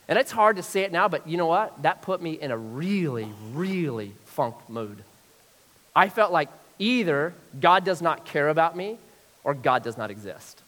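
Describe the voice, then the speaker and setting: A middle-aged male pastor preaching a sermon, telling a story and acting out his own past voice with lively swings. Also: a little high, in a large hall.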